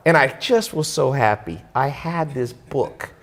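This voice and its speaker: A man hosting an interview, telling a story in a casual, animated way. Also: mid-range voice, unhurried. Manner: animated, acts out quoted voices. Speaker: interview host. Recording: long hall reverb.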